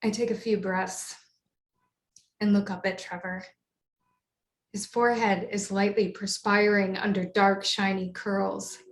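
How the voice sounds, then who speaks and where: A woman's voice: mid-range voice, little pitch movement, unhurried, pauses often. Woman doing a solo stage monologue, wry and second-guessing herself, echoey room. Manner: wry and self-doubting. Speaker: solo performer. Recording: roomy echo.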